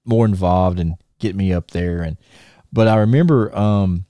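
Man, podcast host, casual storytelling, animated, laughs while acting out quotes, mellow voice, dry sound. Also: low voice, normal speed, no room sound.

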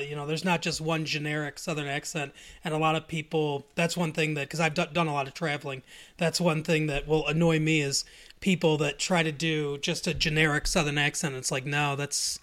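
A male host speaks to his listeners in a relaxed, explanatory way and laughs along with his guest. His voice sits on the higher side for a man. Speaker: podcast host. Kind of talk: casual interview chat.

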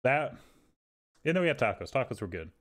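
A man in a relaxed podcast chat, spinning a long anecdote. His pitch sits in the middle but leaps high when he mimics others, and he curses freely. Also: a little fast. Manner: animated, swearing, acts out quotes in raised voices. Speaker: podcast co-host. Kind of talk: casual storytelling chat.

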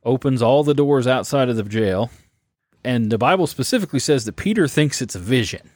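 A man's voice: medium pitch, a little fast, no room sound. A man co-hosting a podcast, casually retelling stories with joking asides. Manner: relaxed storyteller, jokey asides. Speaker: podcast co-host. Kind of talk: casual podcast chat about the Bible.

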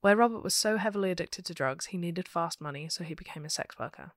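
Low-voiced woman with a London accent. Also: fast, no echo, studio quality. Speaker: podcast co-host presenting a true crime case. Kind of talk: casual chat reading out researched notes.

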